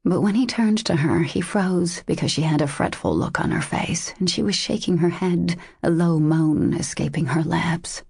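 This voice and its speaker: A woman narrating a romance audiobook in a steady, measured way. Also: on the low side, gravelly, breathy edge, no room sound, clean studio sound. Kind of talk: scripted narration.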